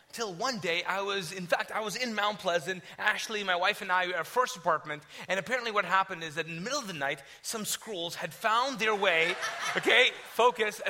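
Man, pastor, high pitch, very bright forceful tone, energetic, joking. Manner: energetic, joking, self-deprecating; animated storytelling. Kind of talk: sermon and prayer.

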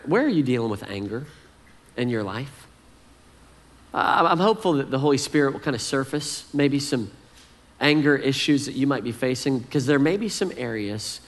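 Casual male pastor, mid-pitched, easygoing sermon delivery with plenty of "kind of". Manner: conversational, relaxed, fillers like "kind of".

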